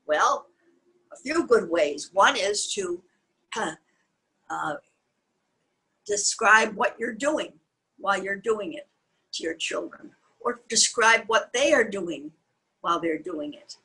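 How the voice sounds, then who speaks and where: Slow, sing-song older woman storyteller. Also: medium pitch, expressive, bright, forceful tone, low-quality recording. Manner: sing-song, asks the young listener questions. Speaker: children's storyteller. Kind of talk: reading a picture book aloud to children.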